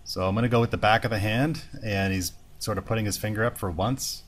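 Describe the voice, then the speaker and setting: A man teaching a storyboarding tutorial, talking through each step in a relaxed, thinking-aloud way. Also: on the low side, a little fast. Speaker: animation instructor. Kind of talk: screen-recorded software tutorial.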